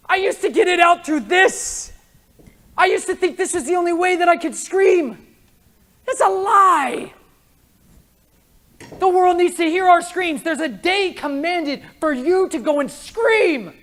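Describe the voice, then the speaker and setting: A man's voice: very high-pitched, unhurried, fairly bright tone. A man preaching a conference sermon, impassioned and emotional, mixing casual slang into his preaching. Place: conference hall.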